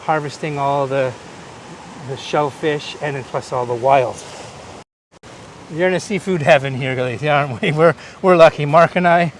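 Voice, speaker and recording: A man raised in Canada hosts a live-streamed coastal walking tour, chatting easily and pointing out sights to viewers. His voice sits a little high. Faint outdoor noise runs behind him. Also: moderate pace. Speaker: host.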